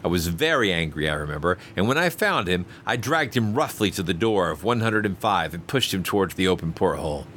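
Low, lively male story narrator. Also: brisk, few pauses, a little hiss or hum. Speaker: audiobook narrator. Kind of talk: first-person story narration.

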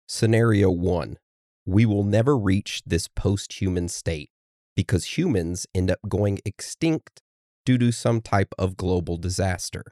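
Low-voiced man steering a podcast. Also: unhurried, dark tone, dry recording, studio quality. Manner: steers the episode, reads from notes. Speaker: podcast co-host. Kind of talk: casual podcast chat.

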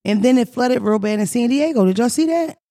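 A woman with a Philadelphia accent runs a casual comedy podcast, swearing freely and telling stories with big energy. Her voice has a gravelly, fry-laced texture. The sound is close and dry, with no room around it. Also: a little high, fairly quick, no room sound. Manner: brash, profane, animated storytelling. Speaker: podcast host.

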